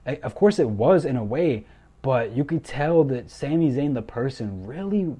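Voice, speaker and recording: A young man excitedly recapping a wrestling show, gushing and repeating himself as he goes. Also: mid-range voice, normal speed, husky. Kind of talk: enthusiastic recap commentary.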